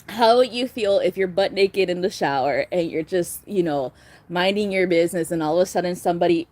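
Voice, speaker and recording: A woman's voice: lowish voice, warm tone. Chatty woman giving a spiritual reading. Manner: chatty, laughs often, swears casually. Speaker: tarot reader. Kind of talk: casual spiritual vlog reading.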